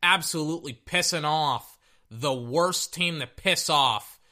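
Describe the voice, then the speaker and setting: A man hosting a sports podcast and ranting in a blunt, casual way. He swears freely and keeps circling back to the same point. His voice sits a little high and rings bright and forceful. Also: slow pace. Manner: blunt, profane, repeats himself. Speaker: podcast host. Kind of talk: casual sports reaction rant.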